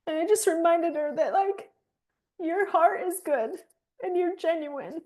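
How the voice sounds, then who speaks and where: Woman, young adult, high-pitched, gentle encouraging guidance, emotional. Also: a little slow. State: emotional, near tears. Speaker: fitness coach leading a guided exercise. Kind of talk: guided reflection exercise on a live call.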